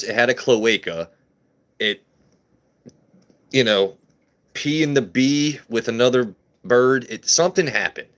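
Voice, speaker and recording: A man hosting a casual livestream, talking in a slightly low voice. He rambles from one joke to the next, crude and loose, swearing freely as he chats with viewers. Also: moderate pace, a bit bright. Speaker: livestream host.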